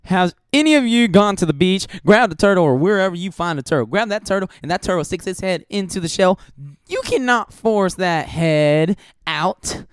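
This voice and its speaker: Young male podcast host, slightly high voice, smooth and clean, dry close sound, animated crude storytelling. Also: normal speed, no echo. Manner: animated, crude jokes, laughs often. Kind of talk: casual storytelling.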